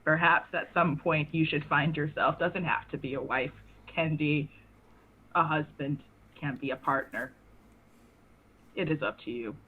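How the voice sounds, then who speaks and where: A man voicing an evasive old male villager in a tabletop game, with a slow, clipped manner. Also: on the high side, fairly even intonation, slightly rough, narrow, tinny audio. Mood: folksy. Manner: slow, clipped, calls people "Sonny". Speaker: player.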